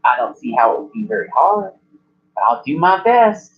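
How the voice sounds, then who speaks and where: A man voicing an excitable young male part-golem helper who talks eagerly and earnestly. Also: mid-range voice, moderate pace, dull audio, close to an everyday voice.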